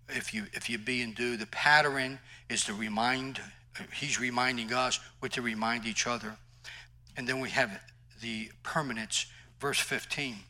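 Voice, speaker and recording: A man's voice: mid-range voice, pushed and bright, rough recording. A male pastor preaching a sermon in an emphatic, conversational way, mixing scripture with personal stories.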